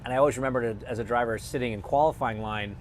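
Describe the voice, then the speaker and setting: A man in his thirties, a former race driver turned analyst, telling stories in a lively, casual interview chat. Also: mid-range voice, racing, slight background noise. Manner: animated storyteller who acts out quotes.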